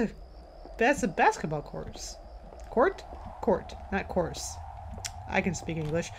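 A woman's voice: mid-range voice, a little hiss or hum. A woman commentating a horror game as she plays, a little tired, jumpy and swearing as she jokes to herself. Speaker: let's play gamer.

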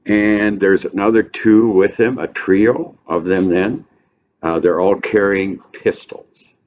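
A man giving an informal literary lecture, rambling, with many pauses and filler sounds. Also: deep voice, a little mellow. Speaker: literature presenter. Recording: dull lo-fi recording, faint hiss.

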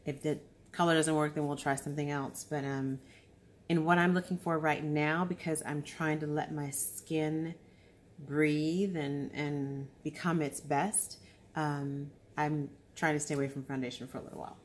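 A woman's voice: low voice, steady tone, moderate pace, a little hiss or hum. A tired woman chatting casually through a beauty unboxing, rambling with fillers and restarts. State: tired after a long time awake. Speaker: beauty vlogger.

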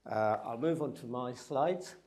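A man with a croaky, hoarse voice from a cold, giving a conference presentation and joking with the audience. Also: medium pitch, a little slow, a little mellow. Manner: jokey, talks to the audience directly. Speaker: event speaker.

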